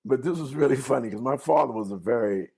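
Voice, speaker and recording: A man's voice: mid-range voice, quick pace, creaky, warm tone, breathy edge. An older man from New York, a jazz singer giving an interview, telling stories animatedly with frequent laughs and restarts. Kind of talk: casual storytelling interview.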